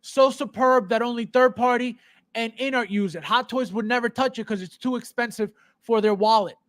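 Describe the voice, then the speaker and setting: A dry recording captures a man with an extremely high pitch speaking at normal speed. He's a podcast host running a collector's live show, sarcastically and heatedly ranting at his chat and repeating himself in frustration.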